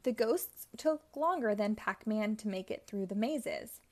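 A woman reading a children's storybook aloud in a slow, expressive way, lightly voicing the characters. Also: medium pitch. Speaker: storybook reader.

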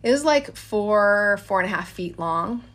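A woman's voice: medium pitch, expressive, measured pace, fairly bright tone. A woman in her thirties telling a story in a casual, chatty way, addressing listeners as guys.

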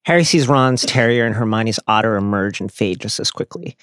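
A man co-hosting a podcast, narrating a scripted story recap in a steady, earnest way. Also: lowish voice, fairly quick, clear, resonant tone, no echo, studio quality. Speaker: podcast co-host.

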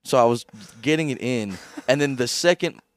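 A man's voice: medium pitch, normal speed, no echo. A young man co-hosting a podcast, telling crude stories in a loose, laughing casual chat. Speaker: podcast co-host.

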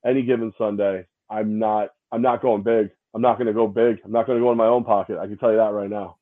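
A man's voice: fairly low pitch, level tone, fast. Hungover guy rambling about sports, keeps repeating himself, sounds like he's on a phone line. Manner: rambling storyteller, repeats words, mimics others. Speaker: podcast co-host. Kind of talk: casual sports chat. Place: separate location from co-host.

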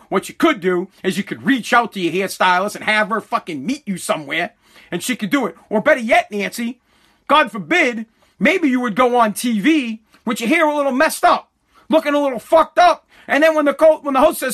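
A man's voice: very high-pitched, expressive, brisk, fairly bright tone. A man ranting about politics, heated and profane, talking to his viewers. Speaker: commentator.

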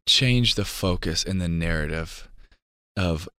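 A man telling a heartfelt personal story as an interview guest, earnest and emotional, sometimes dropping to a hushed voice. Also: low voice, slow pace, no echo, studio quality. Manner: earnest, emotional, drops to a hushed voice for tender moments.

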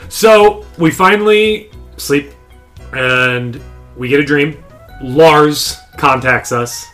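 A man's voice: on the high side, slow pace, fairly bright tone, faint music behind. Rambling young male podcast host. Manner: rambling, many restarts and fillers. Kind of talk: casual chat recapping a video game.

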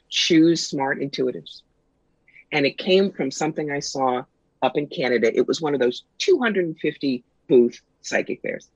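A middle-aged woman, a guest psychic and author, telling stories in a brisk, wry, punchy way in a casual interview. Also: a bass voice, husky, no echo. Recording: dull lo-fi sound, dry.

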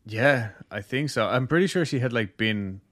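A man's voice: medium pitch, animated, normal speed, fairly bright tone. A man hosting a podcast, casually telling a ghost story with lots of jokes and filler words. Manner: loose, jokey, heavy use of "like".

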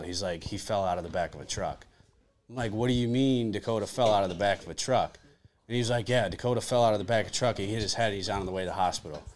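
Low-voiced young man telling a story. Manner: rambling, profane, acts out his own lines. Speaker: podcast host. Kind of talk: casual storytelling. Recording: faint background noise.

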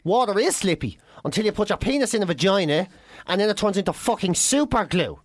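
A man's voice: high-pitched, lively intonation, brisk, no echo. A man co-hosting a podcast, telling crude comic stories, swearing a lot and hammering his points with repetition. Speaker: podcast co-host.

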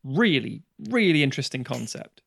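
A man's voice: medium pitch, big pitch swings, normal speed, gravelly, fairly bright tone, breathy edge. A man co-hosting a podcast in casual chat, enthusiastic and swearing for emphasis. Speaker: podcast co-host.

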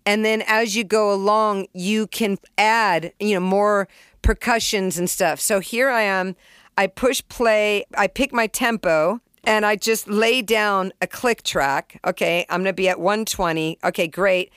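A middle-aged woman tells her stories with an open, unguarded energy. She swears freely and acts out beats and sounds as she goes. Her voice is smooth and clear, recorded close and dry. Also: medium pitch, fairly even intonation, measured pace, fairly bright tone, no room sound. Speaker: songwriter and producer, interview guest. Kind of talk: casual storytelling in an interview.

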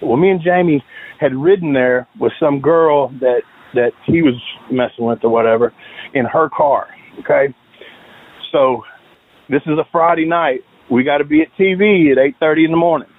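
A man hosting a podcast, telling a long story in a relaxed, steady way. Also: a little high, normal speed, dry recording, phone-quality sound. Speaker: podcast host. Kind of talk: casual storytelling.

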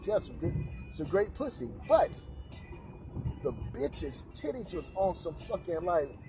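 A man's voice: high-pitched, very animated, a little slow, over music. A man hosting a podcast, telling a crude anecdote in a profane, slangy way with lots of repeated filler tags. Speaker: podcast host.

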